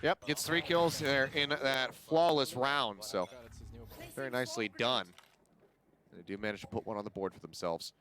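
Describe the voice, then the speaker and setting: A man's voice: mid-range voice, steady tone, moderate pace, fairly bright tone. A man casting a competitive shooter match, calling the action steadily and analyzing each team's choices. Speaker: esports caster. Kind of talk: play-by-play commentary.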